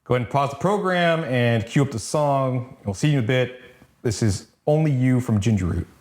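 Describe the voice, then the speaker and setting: A man co-hosting an album review podcast, talking in a relaxed, hesitant way and filling pauses with "uh.". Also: mid-range voice. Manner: relaxed, hesitant, lots of fillers. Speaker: podcast co-host. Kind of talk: casual album review chat.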